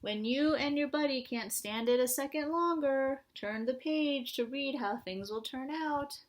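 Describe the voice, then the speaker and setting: Lively woman reading a storybook. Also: high-pitched, a little slow. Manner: lively storytime voice, sing-song rhymes. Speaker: children's librarian. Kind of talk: reading a picture book aloud.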